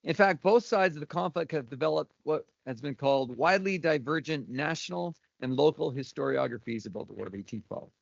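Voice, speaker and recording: Guy lecturing off his notes, kinda high voice, dull dry recording, trips over words sometimes. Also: expressive, a little fast, vocal fry, hardly any pauses, dry recording. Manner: reads notes aloud with dry asides and filler stumbles. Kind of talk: academic lecture read from notes. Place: university lecture hall.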